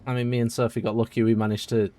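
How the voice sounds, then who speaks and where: A man from the UK chats through a live game stream in a relaxed, rambling way. He talks straight to his viewers, answering them between moves in an easy, conversational voice. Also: medium pitch, rapid-fire. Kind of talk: casual live-stream chat while playing.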